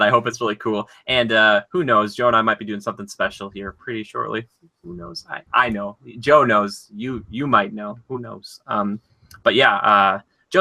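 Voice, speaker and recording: A man's voice: fairly low pitch, bright, forceful tone. A man with an Upper Midwest American accent, co-hosting a podcast and rambling jokily through the sign-off, with many fillers. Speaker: podcast co-host. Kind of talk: casual podcast outro.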